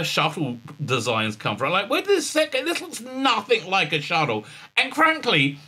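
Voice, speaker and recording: Sarcastic man with a very bright voice. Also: on the high side. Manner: mocking, exasperated, many "uh, uh" fillers. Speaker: show host reviewing a TV episode. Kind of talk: sarcastic episode recap.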